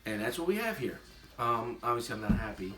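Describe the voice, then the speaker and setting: This casual tasting vlog features a man reviewing his own homebrewed beer, rambling with fillers and self-deprecating remarks. His medium-pitched voice swings widely in pitch and moves fairly quickly. Recorded from a distance in a roomy, noisy space, it has music in the background.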